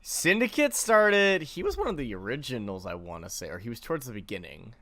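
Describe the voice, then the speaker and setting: A man's voice: medium pitch, sing-song, a little fast, sharp tone. A twenty-year-old man, a guest streamer, chatting casually and joking around on a podcast. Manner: joking, rambling, easygoing. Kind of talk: casual chat.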